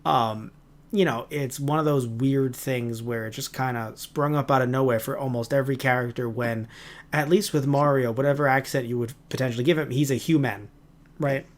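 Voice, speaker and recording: Animated chatty man reviewing a cartoon. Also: medium pitch. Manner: animated, rambling, quick asides and playful impressions. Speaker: podcast co-host. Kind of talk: casual chat.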